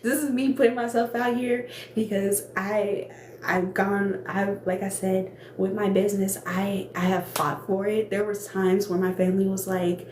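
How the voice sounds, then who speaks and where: A woman's voice: medium pitch, level tone, measured pace, darkish tone. A young woman who runs a small cosmetics business, hosting a casual live stream and chatting earnestly. She laughs often, repeats herself, and sounds close to tears. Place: indoor room, makeup workspace. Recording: echoey room with faint background noise.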